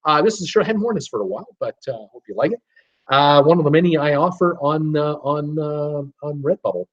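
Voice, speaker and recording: A man's voice: a little high, lively intonation, brisk. A middle-aged man hosting a casual live show, talking with lots of fillers and reading viewer comments aloud. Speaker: host of a live cruise show. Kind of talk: casual live-stream chat. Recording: dull lo-fi stream audio.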